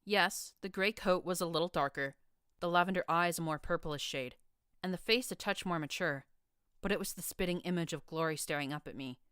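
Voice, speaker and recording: Woman reading a fanfic audiobook, low smooth voice, dry close mic. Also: fairly quick, no room sound. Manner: even, first-person storytelling. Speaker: audiobook narrator. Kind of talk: audiobook narration of fan fiction.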